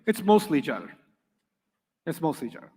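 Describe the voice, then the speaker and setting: A man's voice: fairly high pitch, big pitch swings, measured pace, dark tone, slightly rough, long reverb tail. A man teaching Arabic grammar to a class, emphatic, repeating key points and quizzing his students.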